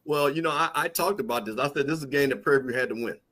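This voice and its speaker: Emphatic Mississippi-accented sports co-host. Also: male voice, mid-range voice, racing, fairly bright tone. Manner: emphatic, repeats himself. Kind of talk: casual sports talk.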